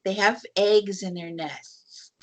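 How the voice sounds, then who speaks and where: A woman's voice: mid-range voice, steady tone, slow. A woman with a Minnesotan accent hosting a radio show in casual, chatty talk, laughing easily. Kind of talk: casual chat.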